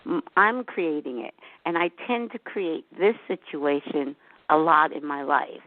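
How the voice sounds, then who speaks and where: A woman's voice: low-pitched, lively intonation, unhurried, dry recording. A woman calling in to a radio show, speaking hesitantly with many restarts and nervous laughs. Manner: hesitant, restarts often, laughs through her words. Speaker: caller. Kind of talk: emotional call-in conversation. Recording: tinny phone-line sound, dry.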